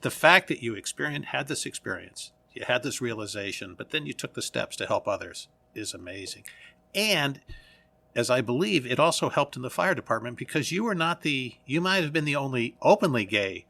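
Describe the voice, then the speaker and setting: Male podcast host, gravelly, bright tone, admiring, conversational. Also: mid-range voice, very animated, a little fast. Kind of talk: interview questions.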